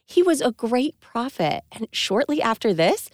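A woman co-hosting a kids' faith show, bright and encouraging in cheerful scripted chat. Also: fairly high pitch, very animated, a little slow, no echo, studio quality.

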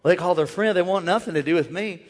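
A man who is a pastor, preaching a lively sermon and calling out to the congregation to join in. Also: high-pitched, quick pace. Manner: energetic, playful call-and-response with the crowd. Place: large church. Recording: long church hall reverb.

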